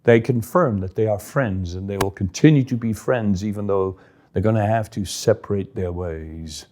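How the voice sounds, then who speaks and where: A man's voice: fairly low pitch, normal speed, mellow. A man casually retelling a scripture story with explanatory asides.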